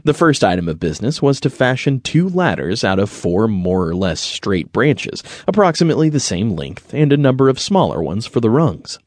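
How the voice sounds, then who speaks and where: A man narrating an audiobook in a gentle storytelling way. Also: mid-range voice, sing-song, normal speed, hardly any pauses, no echo. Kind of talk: scripted narration. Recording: dry close studio recording.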